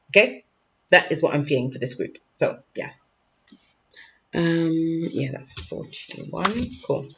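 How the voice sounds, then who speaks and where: A man giving a casual tarot reading to camera, informal and slangy, often checking in with "okay?". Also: a little high. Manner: informal, peppered with "okay?" and "like", loose slangy phrasing. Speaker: tarot reader. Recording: dull lo-fi recording with faint noise.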